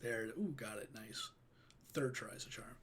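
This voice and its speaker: A man hosting a casual reaction video, rambling, swearing freely and getting excited. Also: medium pitch, measured pace, slight background noise.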